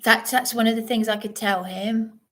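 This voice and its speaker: A woman's voice: fairly high pitch, fairly even intonation, moderate pace. A woman, hosting an unscripted livestream monologue, rambling and digressive with many restarts. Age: 30s. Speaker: livestream host.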